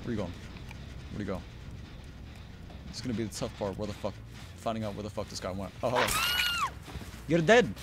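A man giving live gameplay commentary, muttering under his breath and then yelling profane taunts at other players. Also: expressive, brisk, pauses often, background noise. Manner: mutters low, then bursts into loud taunting yells; profane, trash-talking. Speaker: gaming YouTuber.

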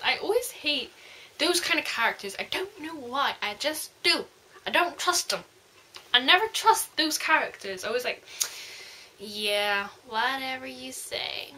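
A woman reviewing a book in a casual vlog, gushing and rambling excitedly. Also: sits high.

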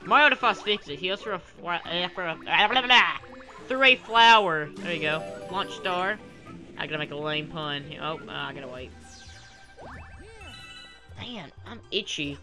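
A man's voice: a little high, normal speed, over music. A young man doing rambling let's play commentary on a headset mic, cracking puns and jokes as he goes. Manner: rambling, jokey, making puns and goofy voices. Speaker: gaming channel host.

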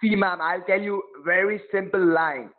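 A man's voice: sits high, fairly even intonation, normal speed, a crowd in the background. A man playing a support agent on a phone call, pushy and threatening, repeating his demands over and over. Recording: tinny phone line.

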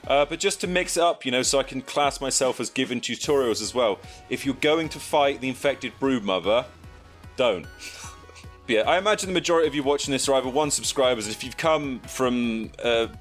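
A young English man chatting and joking through gameplay commentary, breaking into excited shouts, recorded at a home desk mic. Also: medium pitch. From England. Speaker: gaming YouTuber.

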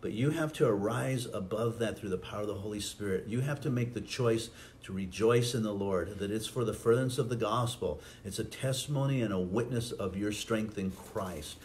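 Low-voiced male pastor preaching. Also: a little fast, a little mellow, a little hiss or hum. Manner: preaching, acts out quotes with rising voice. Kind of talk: sermon.

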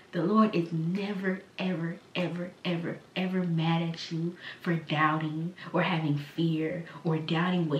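A woman with a lowish voice preaches informally on her podcast, circling back with fillers and restarts. She sounds set back from the mic in an echoey room with faint ambience behind her. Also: far from the mic, a little hiss or hum. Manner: rambling and conversational, many fillers and restarts. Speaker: podcast host. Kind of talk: casual spoken sermon.

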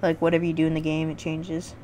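A woman's voice: low voice, completely flat delivery, fast talker, mellow, a little hiss or hum. A woman vlogging casual game reviews, rambling and swearing freely with lots of restarts.

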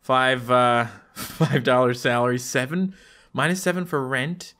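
A young man doing goofy, comedic commentary while playing a game, jumping into loud excited outbursts. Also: medium pitch, measured pace. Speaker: gaming YouTuber. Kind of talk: comedic let's play commentary. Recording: faint game music behind.

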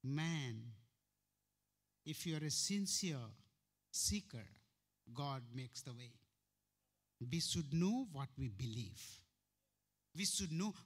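A man with an Indian English accent preaching a sermon as pastor, firing rhetorical questions and jumping sharply in pitch and volume. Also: lively intonation, slow pace, long pauses, husky. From Uttarakhand, India. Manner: sudden sharp jumps in pitch and loudness.

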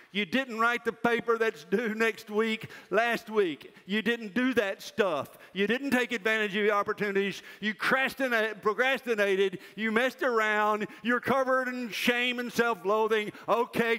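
A man's voice: sits high, unhurried, few pauses, smooth. Emphatic older man preaching in an echoing hall. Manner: loud, emphatic preaching that drops to a soft, self-mocking aside. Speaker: university president speaking at chapel. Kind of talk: chapel sermon to students. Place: large chapel hall. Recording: reverberant hall.

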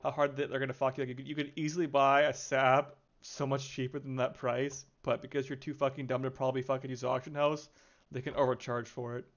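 A man's voice: mid-range voice, flat delivery, fast talker, dull audio. An exasperated man ranting about a game, swearing constantly and sighing heavily. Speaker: gaming video creator. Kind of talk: profane angry rant.

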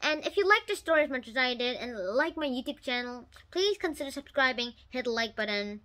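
A woman casually retelling a novel for her channel, halting with restarts and bursting into loud, excited outbursts. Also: sits high, poor audio. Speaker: YouTube storyteller.

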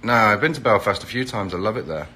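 His voice is fairly low, husky, bright, and forceful, and he speaks quickly and with animation. He's a middle-aged Englishman from reality TV, chatting on a phone live stream, greeting viewers by where they are and pushing an event.

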